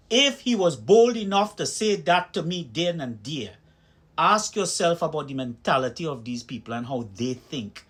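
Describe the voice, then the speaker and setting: A Trinidadian man with a slightly raised pitch tells personal stories straight to camera. He speaks emphatically, his delivery punchy and forceful as he builds his points. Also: lively intonation, normal speed. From Trinidad and Tobago. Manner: emphatic storytelling, acting out heated exchanges. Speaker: video commentator. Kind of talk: personal opinion vlog.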